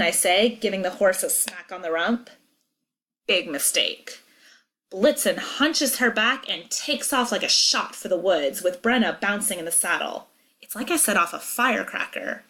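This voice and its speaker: A woman teacher reading a chapter book aloud, acting out the dialogue expressively. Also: unhurried. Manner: expressive, acts out dialogue with big pitch jumps. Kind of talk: read-aloud storytelling.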